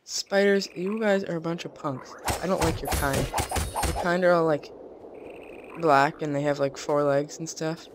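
A woman's voice: low voice, steady tone, a little slow, background noise. Chatty woman narrating her gameplay. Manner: chatty, bursts into startled exclamations. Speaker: let's play gamer. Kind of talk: casual gameplay commentary.

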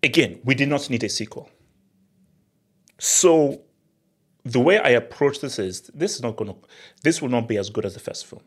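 An excitable young man talks casually to his viewers, using slang and repeating himself when he gets worked up. His voice is husky, at an ordinary middle pitch, and he laughs often as he talks. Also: moderate pace, pauses often. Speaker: movie vlogger. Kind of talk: casual chat to camera.

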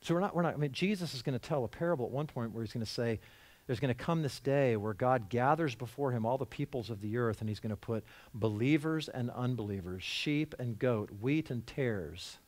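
A middle-aged male pastor preaching a sermon in a church, animated, acting out quoted voices and moving between loud emphasis and hushed lines. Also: medium pitch, a little fast, no room sound. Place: church sanctuary.

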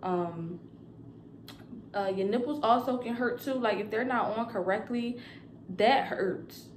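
A woman's voice: fairly high pitch, unhurried, a little hiss or hum. Chatty young woman in a roomy space. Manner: chatty and rambling, with many fillers. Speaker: vlogger and new mother. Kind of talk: casual chat to camera.

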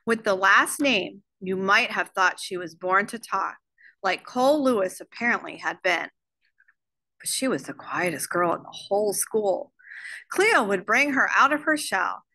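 A woman teacher reading a children's novel aloud, giving the characters' lines their own voices. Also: mid-range voice. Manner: expressive storybook reading with voiced dialogue.

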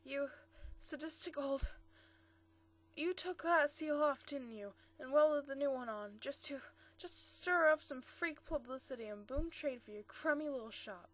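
A woman's voice: high-pitched, unhurried. A woman reading the part of an angry young man in a storybook, speaking harshly and accusingly. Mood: furious. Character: angry young blond man, grieving fiancé.

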